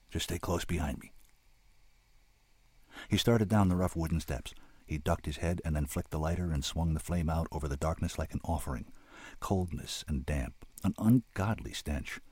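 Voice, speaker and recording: A man with a very deep, husky voice reads a novel aloud in a slow, measured, somber way. The sound is dry and close, with no room around it. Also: darkish tone, no echo. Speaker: reader and commentator. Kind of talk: reading a novel aloud, then giving opinion.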